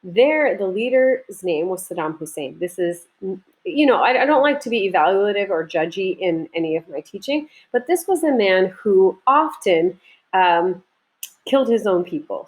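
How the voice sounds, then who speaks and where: A woman's voice: medium pitch, animated, normal speed, low-quality recording. Iraqi-born woman teaching history. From Iraq. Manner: conversational, with frequent restarts and asides. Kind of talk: recorded history lecture.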